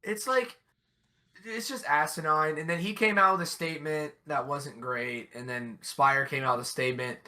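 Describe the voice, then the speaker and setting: Blunt, animated young man. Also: a little high, moderate pace. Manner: blunt, animated, swears freely. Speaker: podcast co-host. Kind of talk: casual chat.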